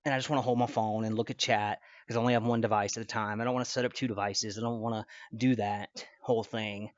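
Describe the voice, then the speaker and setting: A man's voice: on the low side, level tone, fast, dry recording, dull audio. A man streaming from his computer, talking casually in a rambling, profane, trash-talking way. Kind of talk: casual live-stream reaction. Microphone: computer mic at desk.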